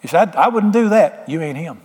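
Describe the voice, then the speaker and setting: Folksy preacher in a reverberant hall. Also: male voice, a little high, lively intonation, brisk, darkish tone, breathy edge. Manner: folksy, plain-spoken, emphatic with homespun sayings. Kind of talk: sermon. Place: church sanctuary.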